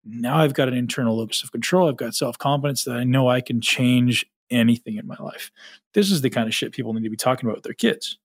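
A man's voice: medium pitch, fast talker, no echo. A man talking as a podcast guest, intense and emphatic, swearing freely. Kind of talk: podcast conversation.

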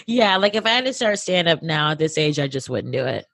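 A lowish-pitched woman comedian chats loosely into a close podcast mic, her thoughts full of "like" and "you know". She slips into quick voiced asides as she talks. The sound is dry and close. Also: gravelly, no echo. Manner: rambling, filler-heavy, animated quoting. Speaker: comedian guest. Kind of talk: casual interview chat.

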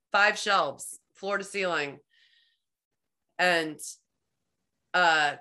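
A woman hosting a podcast, telling a personal story in a rambling, animated way, full of "like". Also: on the low side. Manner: rambling, heavy use of "like", animated retelling. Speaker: podcast host. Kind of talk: conversational storytelling.

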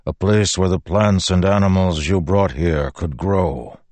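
A man's voice: low voice, a little mellow, no echo. Man voicing a solemn ancient storm spirit. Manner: slow, grave, weighty delivery.

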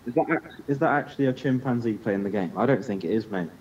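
A man's voice: animated, quick pace, a little mellow. A young man co-hosting a podcast, joking and teasing his friend in casual banter. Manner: teasing, jokey, puts on silly voices. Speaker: podcast co-host. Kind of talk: casual chat. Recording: dull distant mic with faint rumble.

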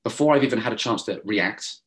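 A young man telling a long story in casual chat, animated and swearing, mimicking others as he goes. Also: on the low side, fast talker. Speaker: podcast co-host.

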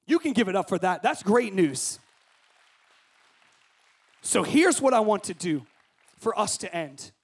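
A man preaching to students at a camp, speaking into a handheld microphone, swinging from shouted passion to hushed, gentle prayer. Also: sits high, sing-song, unhurried, long pauses, breathy edge, a faint crowd. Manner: impassioned, shouting at peaks, then soft and hushed. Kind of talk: sermon to students.

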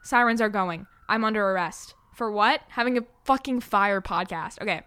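A woman's voice: medium pitch, moderate pace, bright, forceful tone, clear, resonant tone. A young woman hosting a casual solo podcast, rambling and self-deprecating as she chats. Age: young adult. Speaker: podcast host.

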